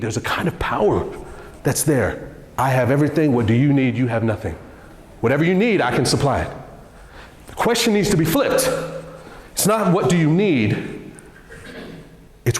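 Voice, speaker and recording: A man giving an earnest, conversational church talk as a guest speaker, with lively swings in pitch. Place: church hall. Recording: echoey hall.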